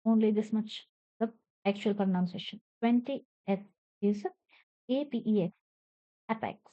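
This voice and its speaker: A woman's voice: medium pitch, moderate pace, warm tone, no room sound. A woman from India with an Indian English accent, teaching English pronunciation by spelling each word letter by letter and then repeating it carefully. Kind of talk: pronunciation lesson. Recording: slightly dull, dry lo-fi recording.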